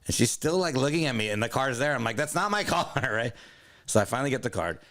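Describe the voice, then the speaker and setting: A young man co-hosting a comedy podcast, telling a story in a casual, animated way and acting out both sides in loud raised voices. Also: mid-range voice, fast. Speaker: podcast co-host.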